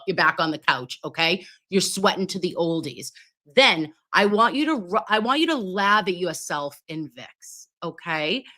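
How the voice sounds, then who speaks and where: A middle-aged nurse hosting a live stream, chatting with viewers and reading their comments while she gets over pneumonia and keeps clearing her throat. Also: mid-range voice, a bit bright. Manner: chatty, calls viewers babes, reads comments aloud. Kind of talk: casual live stream chat.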